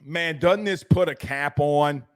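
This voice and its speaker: A man's voice: a little high, a little slow, clean tone. A man hosting a postgame sports show, talking emphatically, repeating points and restarting sentences. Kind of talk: postgame analysis chat.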